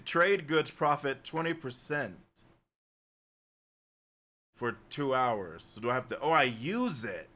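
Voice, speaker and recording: A man livestreaming a game, chatty and excitable, talking to his chat as he plays. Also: mid-range voice, slow pace, long pauses. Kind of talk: live game commentary.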